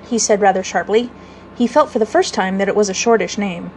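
A woman reading a classic children's story aloud as a radio storyteller, measured and expressive. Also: medium pitch, slight background noise, low-quality recording.

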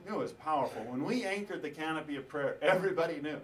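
A man preaching to a congregation, telling a story with laughter and lively asides. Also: on the high side, quick pace, recorded from a distance, slight background noise, poor audio. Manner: animated storytelling with laughter and acted quotes. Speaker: pastor. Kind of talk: sermon storytelling.

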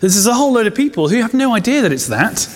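A pastor in his thirties with a high-pitched voice, preaching in a loose, chatty way. He breaks into asides and quick laughs, and the hall around him adds a long reverb tail. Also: sing-song. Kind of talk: conversational sermon.

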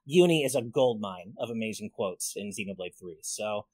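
A man's voice: on the low side, lively intonation, normal speed, a little mellow, slightly rough, no echo. A man hosting a casual gaming podcast, upbeat and thankful as he reads out supporter messages and names. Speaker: podcast host reading super chats.

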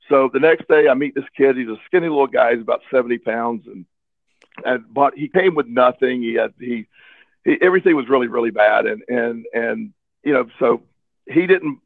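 A man speaks candidly in an interview, telling an earnest personal story and doubling back on his words as he goes. His voice has a gravelly, creaky edge. The sound is thin and phone-like, with no room echo at all. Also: medium pitch. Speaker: interview guest. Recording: tinny phone line, dry.

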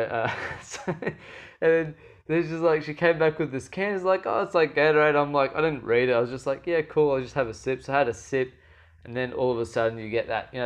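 A young man, a fighter, chatting casually and acting out the voices of people in his story. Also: mid-range voice. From Australia. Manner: animated, acts out quoted voices, laughs often. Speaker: guest fighter.

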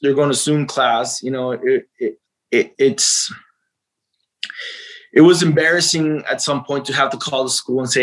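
A man's voice: medium pitch, steady tone, measured pace, long pauses, fairly bright tone, low-quality recording. A man talking as a guest father on an interview show, telling stories in a rambling way with lots of repeated words and acted-out quotes. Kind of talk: casual storytelling chat.

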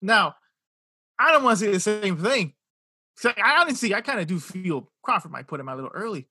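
Husky, bright-voiced man talking boxing. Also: sits high, fairly quick, no room sound, clean studio sound. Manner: animated, swearing, repeats himself. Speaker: boxing podcast co-host. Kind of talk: casual chat.

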